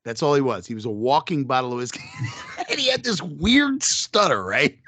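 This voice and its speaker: A man's voice: mid-range voice, huge pitch swings, moderate pace, sharp tone, no room sound. A man co-hosting a podcast, telling crude stories in casual chat and laughing hard at them. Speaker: podcast co-host.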